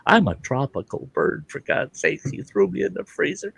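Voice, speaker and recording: A man's voice: fairly high pitch, very animated, normal speed, gravelly, a bit bright, husky, no room sound, pitched above the performer's own voice, full character voice. A man voicing a rude, foul-mouthed male parrot in a told joke, squawky and defiant. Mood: indignant.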